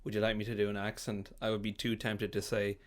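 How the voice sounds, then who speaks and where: A man's voice: fairly low pitch, monotone, quick pace. A man in a casual podcast chat, throwing in dry joking asides.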